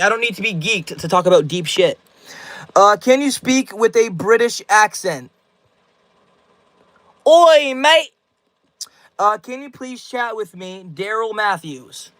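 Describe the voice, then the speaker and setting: A man's voice: high voice, a bit bright, no echo, poor audio. A young man hosting a casual livestream, reading viewer comments aloud and answering them in loose, slangy rambles. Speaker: livestream host.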